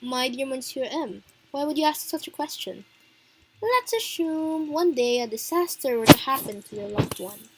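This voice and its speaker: A woman voicing a mysterious, mocking male host in a story game, asking questions in a smooth, taunting way. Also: sits high, very animated, moderate pace, slight background noise, poor audio. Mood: probing.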